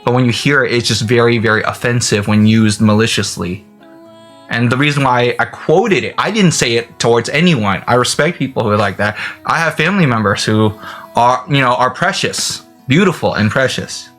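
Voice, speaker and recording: A man's voice: medium pitch, normal speed, a bit bright, soft background music. A man whose first language is not English, rambling to camera in a vlog, giggling and laughing often between thoughts. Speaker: vlogger. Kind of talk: rambling self-talk to camera.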